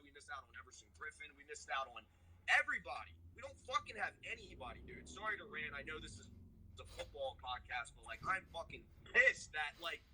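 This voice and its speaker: A man with a very bright, somewhat high voice rants about his football team on a casual sports podcast. He talks in heated, profane bursts and keeps pressing his point. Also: slight background noise, poor audio. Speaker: podcast co-host.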